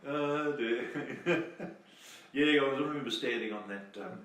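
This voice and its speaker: A man's voice: medium pitch, normal speed, a bit bright. Older Australian man, casual storyteller, distant mic, roomy echo. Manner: chatty, laughing, rambling anecdotes. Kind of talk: casual reminiscing. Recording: distant mic in echoey room, faint hiss.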